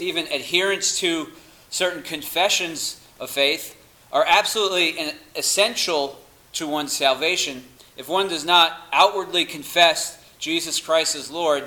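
A man's voice: on the high side, pushed and bright, rough recording. A man preaching a sermon, emphatic and reading scripture passages aloud. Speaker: pastor.

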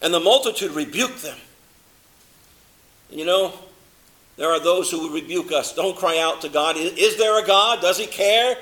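High-voiced, bright man preaching. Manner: dramatic, swings from loud emphasis to low hushed delivery, slows for stress. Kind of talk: sermon.

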